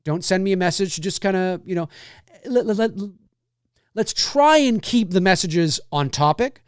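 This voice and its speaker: Here a man hosts a relaxed livestream, wandering through his answers to chat as he thinks out loud. His high voice has lively intonation and a clear, resonant tone at normal speed, in a dry, clean studio recording.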